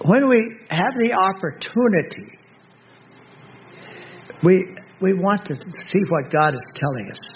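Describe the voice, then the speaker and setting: A man preaching a Bible study sermon, reading scripture aloud slowly and pausing often to restart his thoughts. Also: sits high, lively intonation. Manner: slow, halting, with many restarts and fillers; reads scripture aloud in a slow, measured voice. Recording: dull lo-fi recording with faint background noise.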